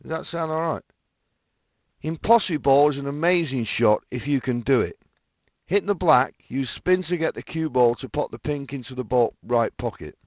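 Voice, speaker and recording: Male commentator, lively jokey read, dry booth sound, self-mocking asides between takes. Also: medium pitch, moderate pace, dry recording. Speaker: snooker commentator recording lines. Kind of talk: jokey commentary voice-over session.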